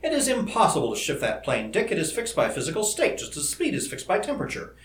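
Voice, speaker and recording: A man reading the part of a calm, cautious male scientist in an audiobook, in a roomy-sounding recording. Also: a little high, voice pushed up. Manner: measured and cautious. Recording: roomy echo.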